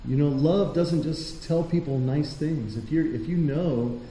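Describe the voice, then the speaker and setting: Male pastor, very dark mellow tone, conversational sermon, echoey church with faint hiss. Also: on the high side, measured pace. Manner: conversational preaching with rhetorical questions. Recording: roomy hall echo, faint noise.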